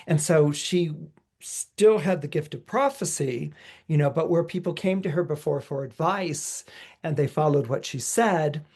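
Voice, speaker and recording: Unhurried and somewhat high-voiced, a middle-aged astrologer talks through a podcast forecast casually, saying "you know" a lot. He tells it like a lively story, performing quoted voices.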